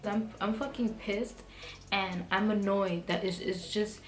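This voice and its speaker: Telling a storytime for her vlog, a young woman speaks a little slowly in a medium-pitched, fairly even voice. The monologue is heated, profane and scattered, full of "like" and do-overs, set against background music.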